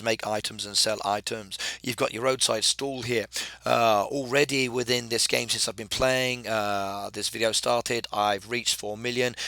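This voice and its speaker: Gravelly chatty man with a cold. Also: on the low side, sharp tone, dry recording. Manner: chatty, answers viewer comments with filler uhs. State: has a cold. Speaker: live-stream gamer. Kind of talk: casual live-stream chat reading comments.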